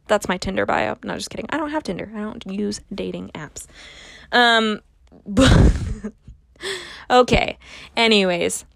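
Woman in her twenties, podcast host, unhurried and rambling, dry close sound. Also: mid-range voice, steady tone, vocal fry, clear, resonant tone, no room sound. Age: 20s. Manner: rambling, full of fillers and restarts, self-mocking, swears casually. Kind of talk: casual solo podcast monologue.

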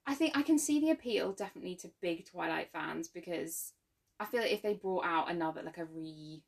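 A woman's voice: lowish voice, lively intonation, brisk, creaky. A young woman co-hosting a podcast in casual chat, talking freely with frequent laughs and fillers. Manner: chatty, laughs often, many fillers. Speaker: podcast co-host.

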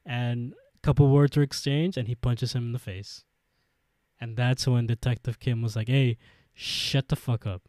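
A man's voice: medium pitch, little pitch movement, normal speed, warm tone, dry recording. A man co-hosting a podcast, recapping an episode in a laid-back way, laughing often and swearing casually. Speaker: podcast co-host.

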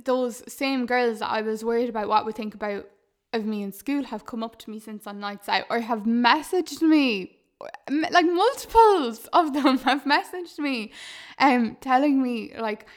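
Chatty young woman, high voice. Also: a little slow. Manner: chatty and earnest, laughs often, says "lads" and "like". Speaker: podcast host and YouTuber. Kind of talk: casual podcast chat.

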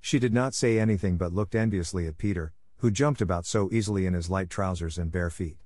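Male audiobook narrator, low register, dry close sound, steady measured storybook reading. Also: dry recording.

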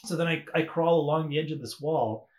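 A man's voice: fairly high pitch, brisk, darkish tone. A young man telling a wild story in a casual chat as a podcast guest, swearing freely and laughing often.

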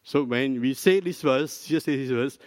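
An older man, a pastor, preaching a sermon in a slow, deliberate teaching manner, prompting the congregation with questions. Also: medium pitch. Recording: dry close mic with long hall reverb.

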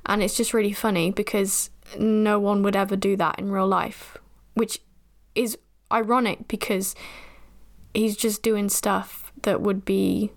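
A woman's voice: mid-range voice, flat delivery, a little slow. A young woman hosting a podcast and recapping a film in a chatty, rambling, self-deprecating way. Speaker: podcast host.

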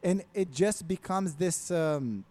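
A man's voice: high voice, takes it slowly. A man on a podcast, ranting casually with a lot of swearing. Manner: profane, ranting, animated.

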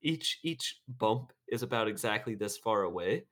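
A man's voice: fairly low pitch, lively intonation, moderate pace, a bit bright. A man putting on a clumsy British accent to play a friend lecturing about drawing details. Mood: pedantic. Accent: attempted British accent.

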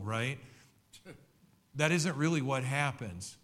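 A man's voice: medium pitch, moderate pace, fairly bright tone. Middle-aged guy preaching, chatty and earnest, voice right in the middle. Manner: conversational, earnest storytelling with many restarts. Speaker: pastor. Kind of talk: sermon with personal testimony.

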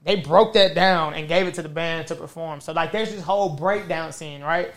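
Guy with a pretty high voice, hyped slangy storytelling, laughing a lot. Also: normal speed. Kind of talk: casual storytelling.

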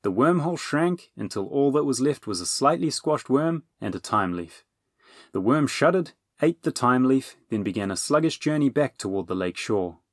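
A man narrating a children's fantasy audiobook with expressive storytelling. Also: mid-range voice, normal speed, dry recording, studio quality.

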